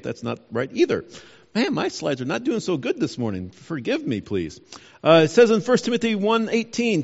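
Male pastor, high lively voice, sermon in a reverberant hall on a dull, muffled recording. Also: a little fast. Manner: animated, emphatic preaching with self-corrections.

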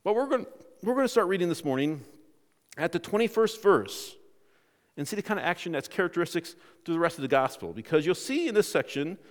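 A man preaching a sermon in a conversational, animated way, often restarting his phrases. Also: fairly high pitch, fairly quick, long reverb tail. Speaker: pastor.

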